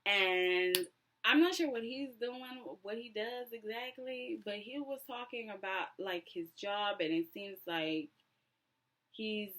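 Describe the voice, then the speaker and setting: A woman chatting casually through a reality TV recap, animated and sassy, acting out what people said. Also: medium pitch, takes it slowly. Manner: chatty and animated, acts out quotes with sassy asides.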